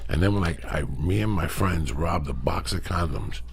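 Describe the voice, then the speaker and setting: A man's voice: low voice, moderate pace, a little hiss or hum. A man hosting a casual chat, trading profane, teasing banter. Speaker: podcast host.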